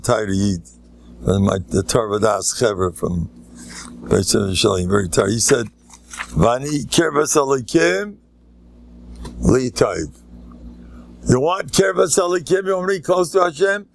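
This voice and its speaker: Older man, rabbi, american lakewood accent, gravelly, joking, animated lecture. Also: mid-range voice. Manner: joking, animated, mixes Yiddish and Hebrew words. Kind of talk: humorous Torah lecture.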